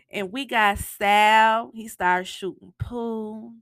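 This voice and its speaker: A woman's voice: lowish voice, level tone, slow, creaky, no room sound, clean studio sound. A woman recapping a TV episode in a casual, emotional monologue with slang and cursing, acting out lines from the show. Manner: acts out quotes from the show, sometimes in a hushed voice. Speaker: TV recap podcaster.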